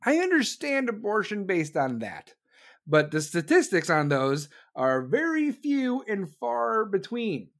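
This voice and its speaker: A woman's voice: medium pitch, sing-song, a little slow. Woman livestream host, blunt sarcastic opinion rant, swears freely, mocks others in quoted voices. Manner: mocking mimicry in quoted voices.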